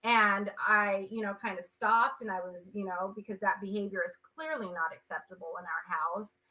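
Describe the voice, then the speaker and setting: A woman's voice: medium pitch, steady tone, normal speed, sharp tone, rough recording. A woman in her forties, an interview guest speaking earnestly on a video call and repeating words for emphasis. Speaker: interview guest, social entrepreneur. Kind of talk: emotional interview talk.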